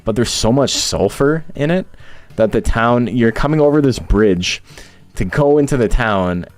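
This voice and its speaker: A man's voice: mid-range voice, lively intonation, measured pace, no room sound. A young man streaming a game, chatting casually in loose, profane, joking rants. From Ontario, Canada. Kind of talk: casual chat while gaming. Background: faint game music.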